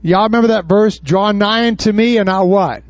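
A pastor preaching a sermon, firing questions at the congregation and acting out Bible scenes. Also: male voice, high-pitched, moderate pace, no room sound, muffled recording. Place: church before a congregation.

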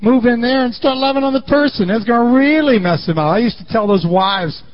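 A man preaching a sermon in an animated way, swinging between loud and quiet, on a muffled lo-fi recording. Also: extremely high pitch, brisk.

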